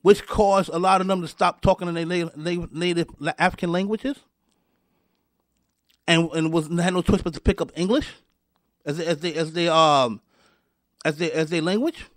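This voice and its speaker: Angry guy ranting at his audience, high voice, dry close sound, keeps restarting his sentences. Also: steady tone, normal speed, long pauses, no echo. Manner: angry, repetitive, stumbling restarts, addresses listeners directly. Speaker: show host. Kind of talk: heated commentary rant.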